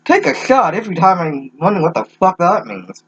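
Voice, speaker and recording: A man's voice: high voice, sing-song, fairly quick, fairly bright tone, slightly rough, no echo, lo-fi sound. A young man reading a fanfic aloud with sarcastic, profane asides, stumbling over words. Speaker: reader mocking a fanfic.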